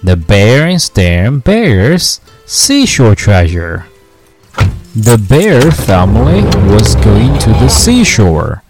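A man, a radio DJ, reading a children's storybook aloud for English learners. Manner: slow, careful reading with lively pitch.

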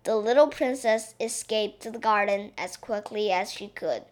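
A woman reading a children's story aloud, gentle and expressive. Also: medium pitch, moderate pace.

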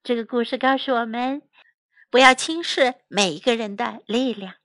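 A woman teaching English to children, repeating each phrase slowly and clearly. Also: a little high, fairly bright tone, no room sound. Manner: slow, clear repetition. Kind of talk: children's language lesson.

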